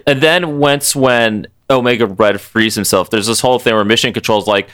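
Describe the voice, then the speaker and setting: A man's voice: moderate pace, fairly bright tone. A man co-hosting a podcast, joking crudely while retelling a cartoon episode and acting out its characters. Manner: joking, crude, acts out characters in shrill voices. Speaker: podcast co-host. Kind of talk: casual recap chat.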